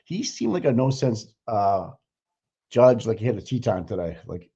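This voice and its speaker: A man's voice: lowish voice, big pitch swings, normal speed, mellow, husky. A man with a Boston accent co-hosting a casual livestream, rambling and opinionated, with lots of fillers and easy laughter. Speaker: livestream co-host. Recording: dull lo-fi stream audio.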